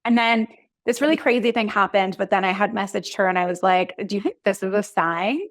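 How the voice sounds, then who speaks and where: A woman in her thirties, a podcast guest and coach, telling her story in a chatty, animated way full of "like"s. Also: medium pitch, a little fast, dry recording. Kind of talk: casual conversational interview.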